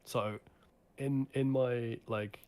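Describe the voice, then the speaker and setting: A man in casual gaming chat, telling stories in an excitable way. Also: medium pitch. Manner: fast, excitable storytelling. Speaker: co-host.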